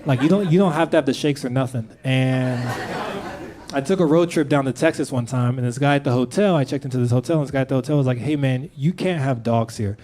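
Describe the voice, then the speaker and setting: A young adult man from Denver, Colorado, doing a stand-up comedy set with a calm, precise delivery and quick asides to the crowd. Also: medium pitch. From Denver, Colorado, USA. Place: comedy club stage with audience. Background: audience laughter.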